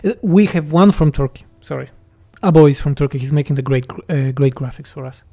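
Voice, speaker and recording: A man's voice: on the high side, a little fast, warm tone, soft background music. A man from Poland with a Polish accent, a game mod developer reading chat questions aloud and answering them bluntly and jokingly on a livestream.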